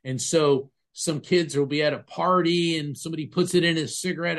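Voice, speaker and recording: A man's voice: on the high side, fairly even intonation, fairly quick, hardly any pauses. A man who works as a psychic medium and was once an attorney, telling stories earnestly and emphatically in a conversational interview. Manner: earnest, emphatic, describes sensations vividly.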